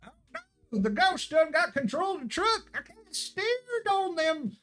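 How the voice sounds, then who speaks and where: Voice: very high-pitched, very animated, measured pace, a bit bright, pitched above the performer's own voice, full character voice. A streamer voicing a panicked rural male ghost-hunting truck driver with a put-on twangy drawl. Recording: background music.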